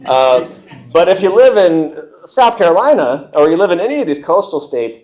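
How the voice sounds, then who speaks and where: In a lo-fi recording, a man with a fairly high voice leads a university history seminar a little quickly. He's animated, often restarting and saying "uh," and briefly performs the voices of the people he quotes.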